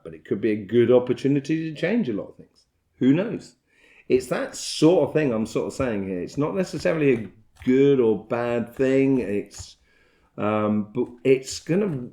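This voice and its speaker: Brief: male tarot reader, warm mellow tone, rambling and chatty delivery. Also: mid-range voice. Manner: rambling and chatty, with soft laughs. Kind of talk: casual tarot reading monologue.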